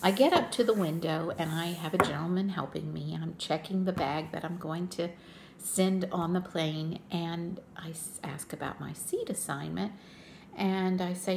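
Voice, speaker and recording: A woman's voice: lowish voice, normal speed, vocal fry, darkish tone, slight background noise. An older woman chatting to her viewers as a cross-stitch vlogger, telling a travel story in a friendly, talkative way.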